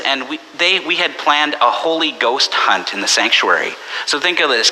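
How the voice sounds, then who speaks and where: A man preaching a sermon as pastor, conversational and anecdotal, slipping into animated voices for the people he quotes. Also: mid-range voice. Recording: long church reverb with faint hiss.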